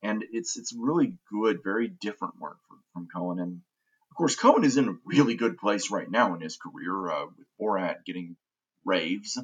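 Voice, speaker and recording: A man's voice: low voice, lively intonation, normal speed, breathy edge, lo-fi sound. A man hosting a casual movie podcast, talking in an opinionated, enthusiastic way with frequent restarts. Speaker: podcast host.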